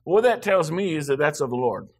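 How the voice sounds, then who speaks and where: A man's voice: on the high side, animated, fairly quick. A guest preacher from Wyoming, a man rambling with joking asides in a church sermon before reading scripture.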